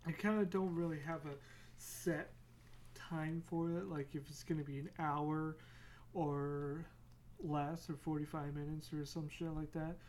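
Low-pitched lady podcaster, rambly and slow, drifts off on tangents, swears a lot. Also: level tone, a little mellow, slight background noise. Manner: casual swearing, self-mocking. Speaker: podcast host. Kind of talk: casual solo chat.

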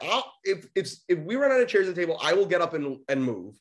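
Quick and barely pausing, a young podcast co-host barrels through a story in a slightly high voice. He's relaxed and lively, swearing freely and voicing the people he quotes.

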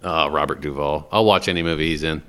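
A man's voice: very deep voice, steady tone, quick pace, fairly bright tone. A man co-hosting a podcast in casual, enthusiastic chat, laughing often. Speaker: podcast co-host.

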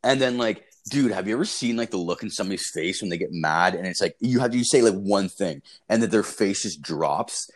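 A young man with a somewhat low voice spins a rambling, profane story. His delivery is loose and casual, packed with filler and curse words. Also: lively intonation, fairly quick, hardly any pauses.

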